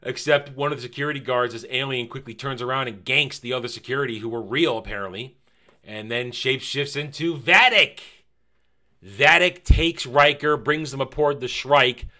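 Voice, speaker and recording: Male reviewer, casual and emphatic, with a bright, forward tone. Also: mid-range voice, moderate pace. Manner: animated and emphatic, fond of repeating phrases; casual, with mild swearing. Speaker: TV series reviewer.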